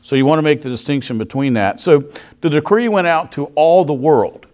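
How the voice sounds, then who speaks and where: A man's voice: fairly high pitch, a little fast, darkish tone. A male pastor, preaching a sermon to a congregation in a conversational way, often asking them questions. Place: church sanctuary.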